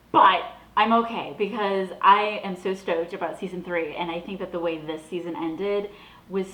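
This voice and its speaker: A woman's voice: fairly low pitch, reverberant, poor audio. A young adult woman from the Boston area hosting her own show, talking in a chatty, gushing way. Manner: chatty, gushing, animated with laughs. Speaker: vlog host. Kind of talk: casual chat.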